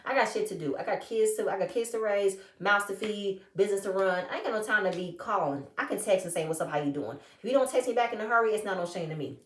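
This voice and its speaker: A woman giving a sassy, animated recap of a reality show and acting out what the cast said. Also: mid-range voice, quick pace, few pauses, recorded from a distance. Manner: animated, sassy, acts out the cast's quotes. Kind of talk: casual recap chat. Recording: echoey room, a bit off-mic.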